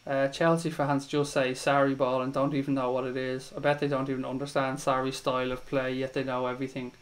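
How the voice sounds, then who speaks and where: Reading out comments on his live fan stream, this Irish host chats casually with viewers, cursing freely and addressing them as mate. He speaks briskly at medium pitch with little pitch movement, on a rough recording.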